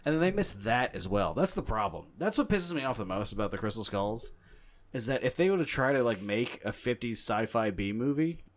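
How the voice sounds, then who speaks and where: A young man chatting casually as a podcast host, animated and profane, ranting at a quick clip. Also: mid-range voice. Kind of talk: casual chat.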